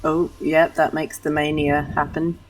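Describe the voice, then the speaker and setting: Low-voiced woman musing over a game. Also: flat delivery, unhurried, far from the mic, soft background music, poor audio. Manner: rambling, musing, self-deprecating. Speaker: game streamer. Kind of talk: casual gameplay commentary.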